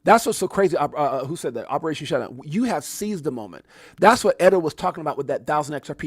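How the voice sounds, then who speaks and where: A man hosting a livestream, talking excitedly to his chat and repeating himself. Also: fairly high pitch, fast talker, vocal fry, slightly rough, no room sound, studio quality. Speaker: livestream host.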